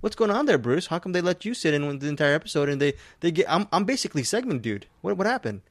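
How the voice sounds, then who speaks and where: A man's voice: on the high side, big pitch swings, fast talker, no room sound, clean studio sound. A man hosting a casual film podcast, rambling and teasing his co-hosts with mock indignation. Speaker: podcast host.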